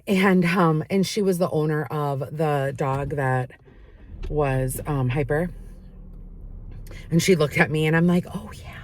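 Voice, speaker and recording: A woman chatting casually while driving, rambling from one errand to the next and talking to her dog in a high baby voice. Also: takes it slowly, long pauses, no echo. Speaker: vlogger. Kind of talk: casual car vlog chat. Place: inside a car while driving. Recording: steady car road noise.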